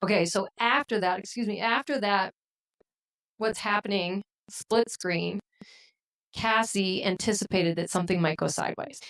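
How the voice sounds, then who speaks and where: A woman co-hosting a podcast, talking in casual discussion and making her points in a measured, deliberate way. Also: medium pitch, fairly bright tone, poor audio. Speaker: podcast co-host.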